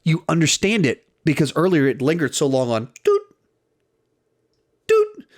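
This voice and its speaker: A man's voice: on the high side, huge pitch swings, measured pace, no room sound, studio quality. A young man giving a casual spoken film review, retelling scenes and acting out quoted lines.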